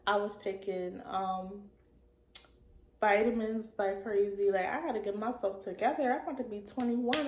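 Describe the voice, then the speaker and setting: Young woman doing a storytime vlog, gravelly voice, loose slangy talk, roomy echo. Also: mid-range voice. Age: young adult. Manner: casual slangy talk with many likes, drifting soft at times. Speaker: vlogger. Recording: echoey room with faint ambient noise.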